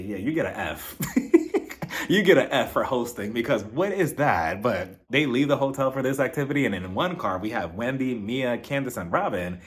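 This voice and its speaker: A young man casually recapping a reality TV episode, sassy and animated, sometimes mimicking cast members. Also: mid-range voice.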